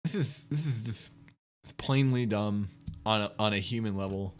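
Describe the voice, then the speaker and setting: A man's voice: lowish voice, moderate pace. A young man, a YouTuber, ranting to his viewers in an exasperated, scolding way that keeps repeating itself. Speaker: YouTuber and streamer.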